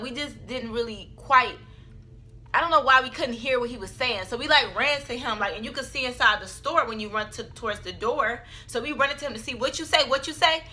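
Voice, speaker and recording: A young woman tells a story to her camera, chatty and dramatic, with plenty of fillers along the way. Her voice sits a little high and sounds bright and forceful. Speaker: vlogger. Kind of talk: storytime vlog.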